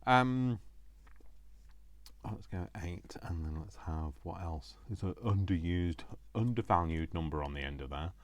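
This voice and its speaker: A man with a deep, low-pitched voice hosts a casual crafting video. He rambles cheerfully and pokes fun at himself. He keeps breaking off to talk to himself as he works at his table. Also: normal speed, hardly any pauses. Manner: rambling, self-mocking, talks to himself. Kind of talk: casual crafting chat while working.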